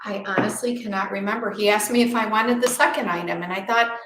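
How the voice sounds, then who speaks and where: A woman co-hosting a podcast, telling a story in a casual, animated way and acting out quotes. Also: medium pitch, quick pace, hardly any pauses, reverberant, a little hiss or hum, poor audio. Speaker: podcast co-host.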